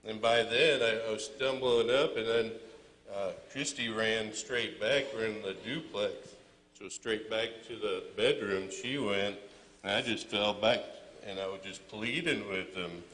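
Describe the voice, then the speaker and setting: Halting middle-aged man in a reverberant hall. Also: on the low side, a bit bright. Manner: halting, repeats words while recounting. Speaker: church testimony speaker. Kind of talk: personal testimony to a congregation.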